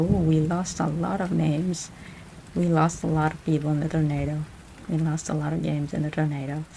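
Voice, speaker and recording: Gravelly low-voiced woman streamer. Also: dark tone, slight background noise. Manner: playful announcer voice, repeats phrases. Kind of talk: live-stream commentary on a marble race.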